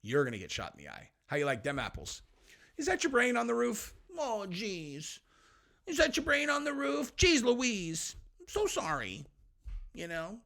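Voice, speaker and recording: A man's voice: high voice, huge pitch swings, moderate pace, vocal fry, sharp tone, pitched above the performer's own voice, exaggerated voice. A man voicing a male marksman who gloats in a sarcastic, sing-song, taunting way. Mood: gloating.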